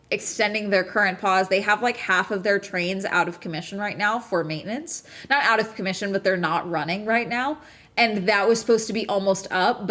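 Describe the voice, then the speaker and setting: A woman's voice: medium pitch, a bit bright. A woman hosting a casual chat show, rambling between topics and ranting with plenty of swearing. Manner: chatty, profane, ranting. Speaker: streamer host.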